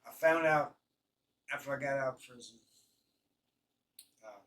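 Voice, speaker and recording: A man's voice: medium pitch, a bit bright. Rambling man, slightly distant mic. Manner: rambling, halting, many fillers and restarts. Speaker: host telling prison stories. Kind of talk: casual storytelling.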